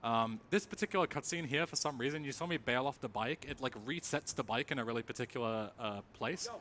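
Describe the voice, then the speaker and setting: A man's voice: medium pitch, a little fast. A young English man casually commentating his own game speedrun for a live audience, chatty and joking. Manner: chatty, relaxed, jokes with the audience. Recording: noisy event stream audio.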